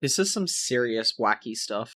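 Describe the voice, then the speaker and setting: Man co-host firing quick reactions. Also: medium pitch, animated, fairly bright tone, dry recording, clean studio sound. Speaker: podcast co-host. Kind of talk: casual lore chat.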